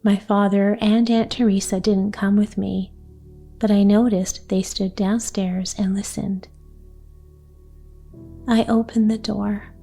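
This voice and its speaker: A woman reading the part of an excitable little girl in a storybook, eager and breathless. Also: medium pitch, slow pace, vocal fry, long pauses, slightly rough, soft background music, heavily acted.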